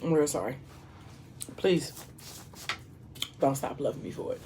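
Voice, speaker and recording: A woman's voice: low-pitched, animated, a little slow, mellow, slight background noise. A young woman vlogger casually retelling a book in a chatty, slangy way while she eats. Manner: chatty, slangy storytelling, eating between lines. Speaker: vlog host.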